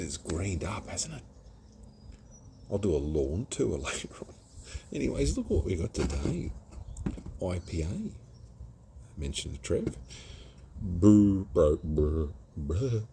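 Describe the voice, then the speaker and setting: Casting: very deep, gravelly Australian bloke, lively delivery, chatty beer reviewer. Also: male voice, a little hiss or hum. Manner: chatty, self-mocking, jumps between topics. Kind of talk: casual rambling vlog. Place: outdoors at home.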